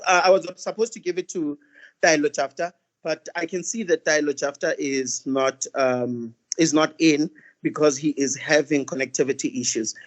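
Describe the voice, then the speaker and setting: A young man hosts an online student session over a video call. His voice sits a bit high, and he jokes around loosely with plenty of fillers. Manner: playful, joking, with many fillers. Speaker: host of an online student training. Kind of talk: casual event hosting.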